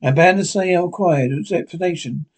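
A man voicing a calm, reasoning male doctor in a classic novel read aloud, speaking in a measured, reasonable way. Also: sits high.

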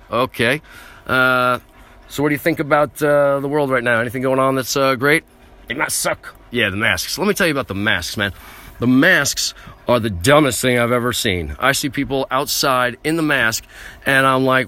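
Man, boastful rambling rant, bright forceful voice, podcast host. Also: mid-range voice, moderate pace. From United States. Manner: boastful, brash, self-aggrandizing. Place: small vehicle used as a mobile studio.

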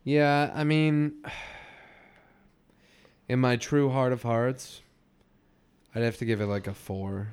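Smooth-voiced man in casual chat. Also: mid-range voice, fairly even intonation, a little mellow. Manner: retells scenes with quick mimicked lines. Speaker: podcast co-host. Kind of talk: casual chat recapping a cartoon episode.

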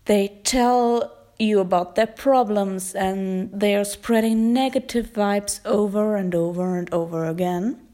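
A young woman hosts her own podcast with a noticeable German accent. She talks slowly and thoughtfully at a middle pitch, pausing often to find her words. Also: steady tone, warm tone. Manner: slow, thoughtful, pauses and hesitations. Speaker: podcast host. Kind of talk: casual solo podcast talk.

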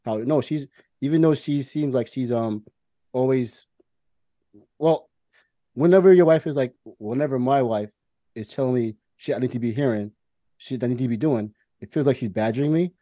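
A man's voice: medium pitch, moderate pace, pauses often, dark tone, no room sound. A man co-hosting a podcast, talking casually in a rambling, profane way with many restarts. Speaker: podcast co-host.

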